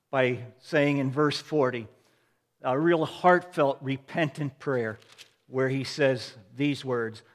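A man preaching a sermon as a pastor, with repeated refrains and swells of emphasis. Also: medium pitch. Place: church sanctuary. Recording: long reverb of a large hall.

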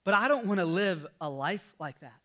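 A man in his thirties preaches a sermon with a notably high voice for a man. He talks in a relaxed, conversational way, weaving in a family story and stumbling over small restarts and fillers. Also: normal speed. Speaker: pastor.

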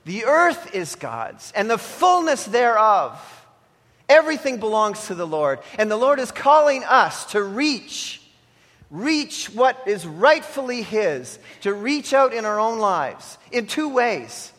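A male pastor with a notably high voice delivers an earnest, emphatic sermon, leaning hard on the words he wants to stick. His voice rings out with a long reverb from a church sanctuary. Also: sing-song, takes it slowly, fairly bright tone. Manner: earnest, emphatic preaching with repeated exhortations.

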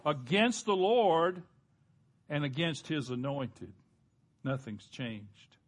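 A man preaching a sermon, earnestly, slowing down and dropping low for emphasis and calling on the congregation to respond. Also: big pitch swings. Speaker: pastor.

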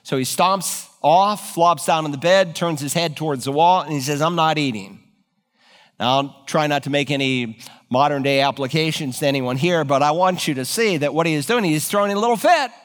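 A man preaching a sermon, retelling scripture with animated, dramatic storytelling in a church. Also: a little high, a little fast, long reverb tail. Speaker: pastor.

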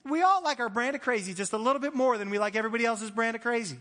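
Male pastor, thirties, high voice, casual sermon delivery with jokes and restarts, long church-hall reverb. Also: rapid-fire, fairly bright tone. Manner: conversational, self-deprecating humor with frequent restarts.

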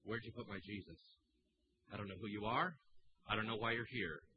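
A man's voice: on the low side, a little fast, close to an everyday voice. A man preaching a sermon, voicing a grieving woman who pleads to find her lord. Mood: pleading. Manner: pleading, insistent. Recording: dull lo-fi sermon recording.

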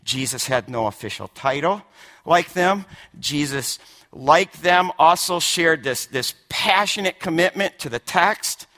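Preacher, man; emphatic sermon delivery, bright and pitched a bit high, drops low then builds to shouts. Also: expressive, unhurried. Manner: emphatic, repeats words, swings from hushed to shouting. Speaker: pastor.

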